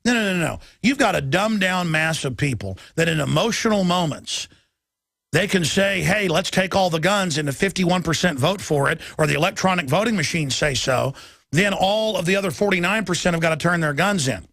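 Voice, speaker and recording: Male talk host, high gravelly voice, heated shouting rants. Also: expressive, dry recording, studio quality. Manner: impassioned, shouting, rapid-fire ranting. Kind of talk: ranting political talk show.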